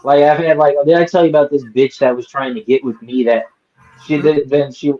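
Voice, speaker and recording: A man hosts a casual live stream, ranting and swearing as he mocks others in put-on voices. His voice sits a little high. The sound is dull and lo-fi. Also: steady tone, fairly quick.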